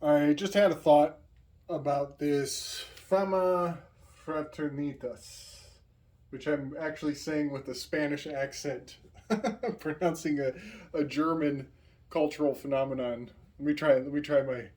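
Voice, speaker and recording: A man's voice: a little high, steady tone, moderate pace, darkish tone. A man hosting his own video, speaking in a casual, rambling monologue full of hesitations, fillers and small chuckles. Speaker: video host.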